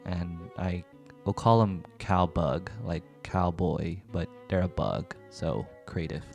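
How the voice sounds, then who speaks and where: A man's voice: sits low, slow pace, gravelly, darkish tone. A young man giving casual, self-mocking voice-over commentary on his drawings, speaking close to the mic. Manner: wry, offhand, self-mocking. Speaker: art youtuber. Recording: faint music behind.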